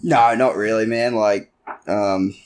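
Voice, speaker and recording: A man's voice: on the low side, steady tone, slow pace, slight background noise. Hesitant man, full of fillers. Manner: hesitant, many fillers and swearing. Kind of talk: casual chat.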